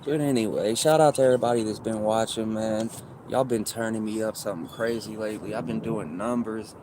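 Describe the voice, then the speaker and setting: A man's voice: fairly low pitch, fairly even intonation, fairly quick, background noise. A man livestreaming and chatting casually with viewers, rambling in loose, profane street slang.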